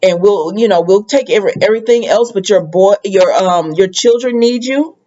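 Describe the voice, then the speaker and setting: Caring mom begging her hurt daughter to hang on, a woman retelling it, soft and pleading. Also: mid-range voice, moderate pace, dull audio, natural voice.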